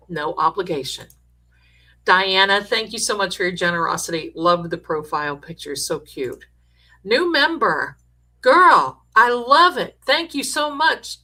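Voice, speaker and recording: A woman's voice: on the low side, bright, forceful tone. A middle-aged woman hosting a livestream in casual chat, effusively thanking viewers by name. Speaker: livestream host.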